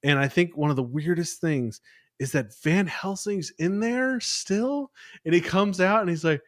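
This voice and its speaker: A man co-hosting a casual movie podcast, his voice sitting a little high. He rambles, trips over words and agrees eagerly. The sound is close and dry. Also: lively intonation, measured pace, no room sound. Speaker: podcast co-host.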